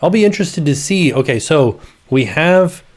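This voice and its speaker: A man's voice: a little high, animated, moderate pace. A man co-hosting a live stream, chatting casually and often trailing off and restarting his sentences. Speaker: co-host.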